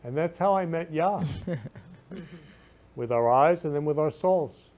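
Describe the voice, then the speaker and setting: A man's voice: fairly high pitch, measured pace, a little mellow. A man hosting his talk show from his room, speaking effusively and repeating loving phrases with emphatic stress. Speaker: show host. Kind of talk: casual talk show monologue.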